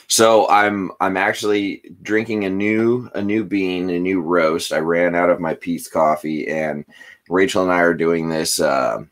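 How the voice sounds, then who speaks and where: A man co-hosting a podcast, chatting in a relaxed, rambling way and telling stories. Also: deep voice, unhurried. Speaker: podcast co-host. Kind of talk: casual chat. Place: home in a hot valley.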